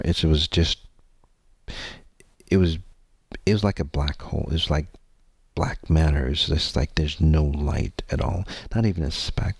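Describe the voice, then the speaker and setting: A man's voice: rumbling low, steady tone, normal speed, a little mellow, no echo. A man hosting his own podcast, telling a personal story in a candid, meandering way, swearing freely and using many fillers. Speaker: podcast host.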